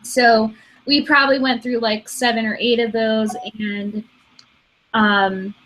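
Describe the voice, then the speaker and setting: Bright-voiced young woman with a Michigan accent. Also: on the high side, level tone, slow. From Michigan, USA. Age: 20s. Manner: chatty, laughs easily. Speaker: co-host. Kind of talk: casual chat.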